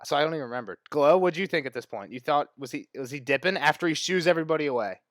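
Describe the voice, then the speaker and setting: Male podcast co-host, a bit high-pitched, animated storyteller, dry close sound. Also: very fast, no echo. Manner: animated retelling, heavy use of "like". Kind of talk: casual book discussion.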